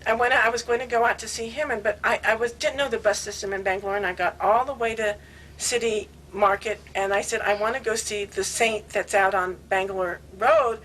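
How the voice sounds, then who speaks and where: A woman in her sixties telling animated, laughing stories with many restarts in casual conversation. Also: mid-range voice, a little fast, slight background noise, rough recording. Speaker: longtime devotee recounting memories. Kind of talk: casual storytelling.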